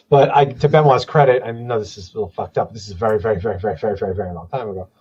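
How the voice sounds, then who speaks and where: A man's voice: lowish voice, fast talker, slightly rough, lo-fi sound. A man talking casually on a podcast, rambling and swearing as he tells wrestling stories. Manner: rambling, profane, trailing into mumbles.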